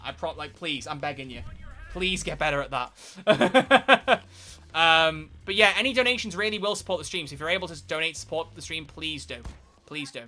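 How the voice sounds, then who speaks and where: A man giving live, excitable gameplay commentary as a streamer, swearing and bursting into shouts. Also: on the high side. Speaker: game streamer.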